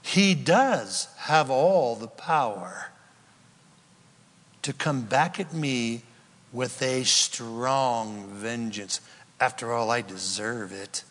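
A pastor preaching a sermon, telling the story with animated energy and then dropping to a hushed, earnest prayer. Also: male voice, mid-range voice, very slow. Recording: long reverb in a large hall.

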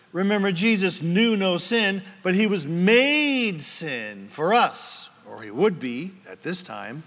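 A man preaching an expository Bible teaching sermon, swinging from booming scripture reading to quiet asides. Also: in a large hall. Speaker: pastor.

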